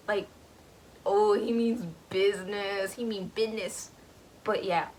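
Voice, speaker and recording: A woman's voice: mid-range voice, steady tone, a little slow, darkish tone, a little hiss or hum, rough recording. A young woman casually retelling a book's plot, rambling with lots of fillers and giggles. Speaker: book vlogger.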